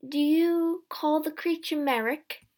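A woman's voice: high-pitched, slow, a little mellow, pitched above the performer's own voice. A woman reading a storybook, voicing a reserved, uneasy male Victorian doctor who speaks politely and hesitantly.

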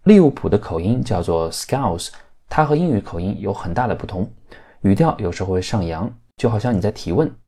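A man hosts a language lesson podcast. He explains points steadily and clearly, like a teacher. His voice sits fairly low. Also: lively intonation, brisk, mellow. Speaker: host.

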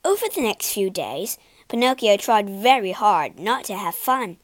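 A woman reading a children's storybook aloud with expressive, dramatic narration. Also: medium pitch, unhurried, no room sound.

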